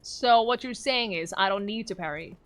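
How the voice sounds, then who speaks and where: A woman's voice: medium pitch, normal speed. A woman streaming a game live, talking playfully to chat, laughing often and yelping whenever her character gets hit. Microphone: microphone in front of her face.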